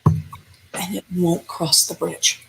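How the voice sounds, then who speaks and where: A woman paranormal investigator telling an eerie encounter in an interview, animated and acting out the dialogue. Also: fairly low pitch, slow, vocal fry, background noise. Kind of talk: storytelling in an interview.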